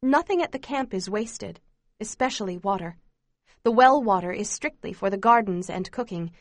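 A woman giving steady, measured first-person narration of a memoir as an audiobook reader. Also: mid-range voice, dry recording.

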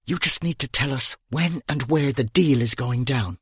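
A man's voice: mid-range voice, normal speed, slightly rough, no echo, studio quality. A man voicing a controlled female police detective who speaks in short, reproving sentences in an audiobook. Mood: stern.

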